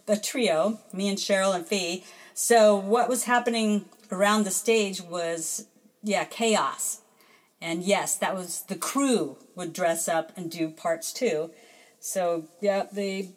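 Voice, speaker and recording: A woman's voice: mid-range voice, poor audio. Chatty woman podcast host. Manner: chatty and self-deprecating, laughs often. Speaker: podcast host reading listener messages. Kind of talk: casual chat.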